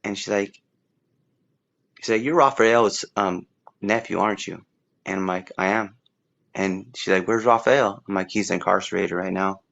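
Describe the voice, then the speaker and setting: Man, very deep voice, rambling, halting, casual testimony, dull recording. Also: fairly even intonation, vocal fry, fairly bright tone. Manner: rambling, halting with repeated words and fillers. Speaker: interview guest.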